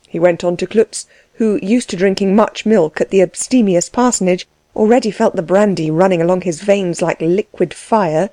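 A woman narrating a novel in a steady, measured reading. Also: mid-range voice, no echo. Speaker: audiobook narrator. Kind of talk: scripted narration.

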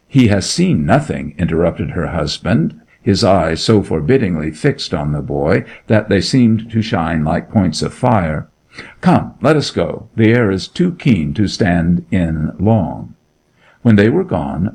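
A man reads a story aloud with measured, expressive pacing. His voice is low and gravelly with a husky texture. He moves through a wide pitch range as he tells the tale. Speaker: narrator. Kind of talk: audiobook story reading.

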